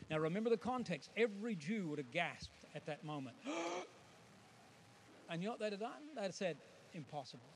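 High-voiced man preaching emphatically. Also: a little hiss or hum. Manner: emphatic, acts out the voices of listeners and biblical figures. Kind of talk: sermon.

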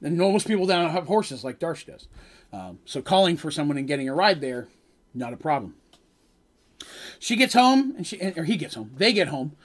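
A man's voice: a little high, very animated, normal speed. Chatty man telling a fantasy story. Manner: rambling, chatty, with fillers and asides. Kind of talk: casual improvised fantasy storytelling.

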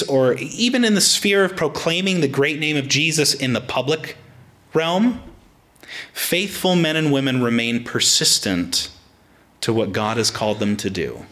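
A young man preaching a sermon, animated and casual, often restarting his sentences as he explains a passage. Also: on the high side, unhurried. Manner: animated, frequent restarts, acts out quotes. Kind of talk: sermon with personal anecdote.

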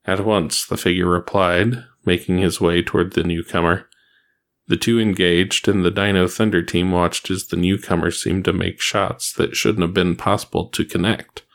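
A man reads an action adventure story aloud at a steady pace. His voice sits very low and carries a gravelly fry throughout, with a plain, even delivery. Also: moderate pace. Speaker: narrator. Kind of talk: reading fan fiction aloud.

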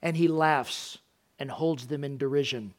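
A middle-aged man preaching a sermon, animated, acting out parents and children in raised voices. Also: mid-range voice, a little slow. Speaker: pastor.

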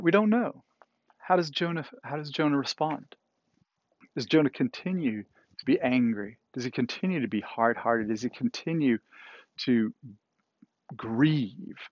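A man's voice: medium pitch, darkish tone, dry recording, lo-fi sound. A man preaching a sermon in a conversational way, often checking in with "right?" as he retells a story. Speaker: pastor. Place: indoors, cool enough for a jacket.

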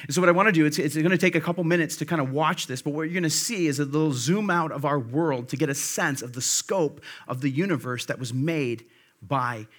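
A pastor preaching a sermon in a conversational way, with fillers and restarts, slowing and dropping quiet to stress key phrases. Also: male voice, on the high side. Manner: drops to a slow, quiet emphasis on key phrases.

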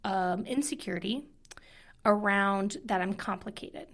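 A woman talks candidly and earnestly, her voice carrying a steady gravelly fry. She sounds emotional and personal, and at times she sinks into a whisper. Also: medium pitch, a little slow. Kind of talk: candid intimate conversation.

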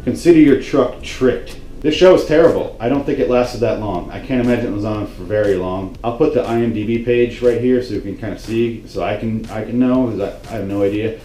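A man's voice: fairly low pitch, brisk, few pauses, mellow. A man hosting a comedy podcast, delivering a rambling, profane, sarcastic rant. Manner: sarcastic, swears constantly, rambling asides.

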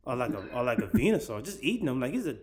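Excitable man, lively pitch. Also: rapid-fire, a crowd in the background. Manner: excitable, laughs through lines. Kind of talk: casual chat.

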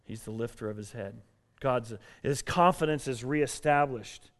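A man preaching a sermon in an earnest, emphatic way, building up in intensity and then dropping low. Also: measured pace. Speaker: pastor.

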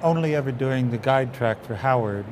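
A man's voice: medium pitch, normal speed, slight background noise. A man guest telling anecdotes in an interview, acting out voices in his stories. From England. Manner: animated storyteller acting out quotes. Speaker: puppeteer guest.

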